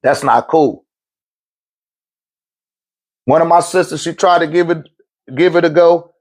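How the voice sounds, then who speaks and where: A man's voice: fairly high pitch, measured pace. A middle-aged man, giving blunt, profane life advice in a casual monologue and laughing often.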